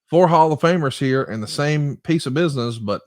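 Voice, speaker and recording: A man co-hosting a podcast, briskly recapping wrestling matches in a lively, storytelling way. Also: fairly high pitch, dry recording, clean studio sound. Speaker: podcast co-host. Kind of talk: casual podcast chat.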